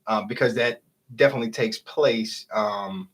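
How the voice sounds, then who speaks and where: A man in his thirties co-hosting a podcast, supportive and quick to laugh in casual chat. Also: on the low side. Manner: supportive, reacts with laughs and short agreements. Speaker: podcast co-host.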